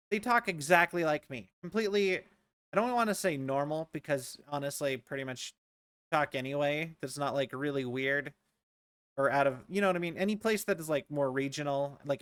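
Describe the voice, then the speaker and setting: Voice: medium pitch, fairly bright tone, clean tone, no echo. A streamer from the rural United States chatting casually and rambling while playing a game, full of "like"s and restarts. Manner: rambling, many "like"s and restarts, amused.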